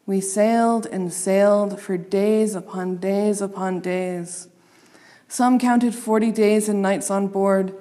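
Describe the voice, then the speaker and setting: A woman reading a children's story aloud, expressive and playing up the sound words. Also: medium pitch, slow, in a large hall.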